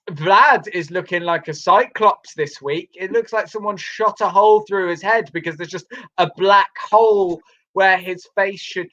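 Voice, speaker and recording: A man's voice: sits high, a bit bright, highs cut off. A man hosting a comedy chat show, playfully announcing and running a game. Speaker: host. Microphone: video call.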